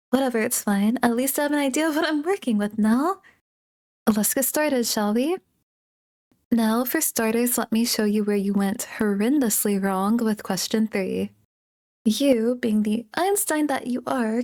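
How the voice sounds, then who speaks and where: A woman voicing a bossy, sharp-tongued young tsundere girl in an ASMR role-play, talking with a sarcastic, mocking edge. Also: on the high side, lightly acted.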